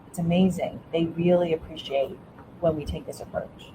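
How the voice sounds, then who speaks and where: A woman's voice: low-pitched, fairly even intonation, normal speed, dark tone, slight background noise, poor audio. A middle-aged woman, a former school principal, giving earnest, encouraging parenting advice as an interview guest, with frequent restarts.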